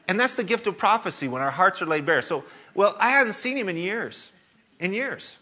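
A man preaches to his congregation with a bright, forceful tone. His voice sits a little high for a man. He tells stories and laughs often as he talks. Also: very animated, moderate pace. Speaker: pastor. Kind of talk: sermon.

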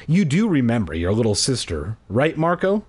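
A man voicing a patient mother in a storybook reading, speaking softly and gently scolding, with a husky voice. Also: mid-range voice, huge pitch swings, normal speed. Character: patient mother of two children.

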